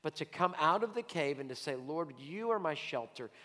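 A man preaching a sermon as pastor, swinging between loud urgent calls and hushed whispers. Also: a little high, expressive, moderate pace. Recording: long reverb of a large hall.

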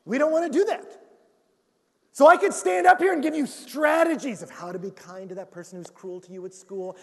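High-voiced male preacher in an echoey hall. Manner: lively storytelling with jokes and acted-out quotes. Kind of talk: sermon.

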